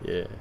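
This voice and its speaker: A man with a Vietnamese accent whose first language is Vietnamese, chatting casually with viewers while painting and speaking haltingly with many filler sounds. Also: noisy background. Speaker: digital painting streamer.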